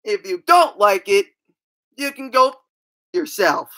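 Brief: rambling comic storyteller, woman, bright edgy tone, stumbles and restarts, crude. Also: medium pitch, expressive, unhurried. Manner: crude, brash asides. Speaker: comedian. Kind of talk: stand-up style comedy bits.

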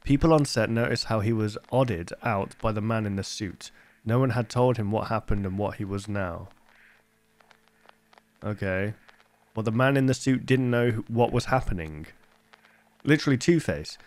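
A young man hosting a casual reaction video, chatty and quick to make joking asides. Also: on the low side. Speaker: host.

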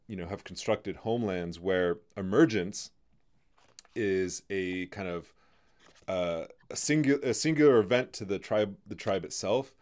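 A man hosting a podcast, talking through ideas in a halting way, full of fillers and restarts. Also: deep voice, darkish tone. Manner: halting, many "you know" fillers and restarts. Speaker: podcast host. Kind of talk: in-depth conversational discussion.

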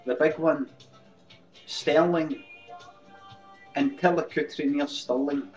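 A man's voice: fairly high pitch, takes it slowly. Scottish man, sarcastic webcam rant, swearing, dull lo-fi webcam sound, faint music behind. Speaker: webcam show host. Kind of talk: live webcam comedy rant. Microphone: webcam mic.

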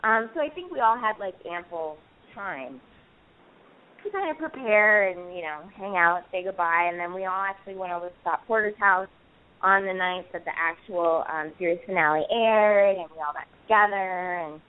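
A woman's voice: fairly low pitch, normal speed. A chatty woman in her thirties, talking loosely and playfully with plenty of fillers and restarts. She sounds tinny and narrow, as if she is coming through a phone line. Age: 30s. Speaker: actress guest. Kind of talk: casual interview chat.

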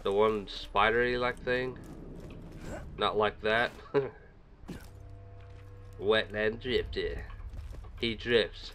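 Low-voiced man chatting over gameplay. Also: fairly even intonation, very slow, long pauses, fairly bright tone, slight background noise. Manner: chatty, rambling, talks to himself. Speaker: gaming video creator. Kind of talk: casual gameplay commentary. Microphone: desk microphone set a little far away. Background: game music.

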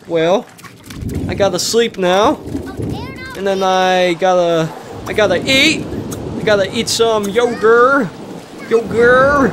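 A let's play host giving casual gameplay commentary at a computer microphone, excitable, with frequent exclamations and mock scolding. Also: medium pitch, noisy background.

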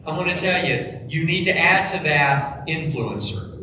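Pastor guy preaching slow, high bright voice, big echoey church hall, mic kinda far off. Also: lively intonation, noisy background. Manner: emphatic preaching, dropping low and quiet on key phrases. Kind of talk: sermon. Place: church sanctuary.

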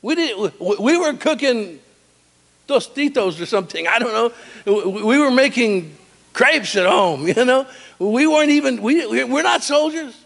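A man's voice: very high voice, animated, a little slow, vocal fry, a bit bright, big-room sound, voice pushed up, full character voice. A man voicing indignant young daughters who whine that they were only cooking at home. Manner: whiny, protesting.

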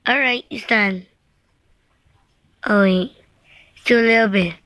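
A woman with a medium-pitched, fairly bright voice improvises a playful toy story, taking it slowly and pausing often. She switches between several characters, repeating words and meowing frequently, and there's no echo on the recording.

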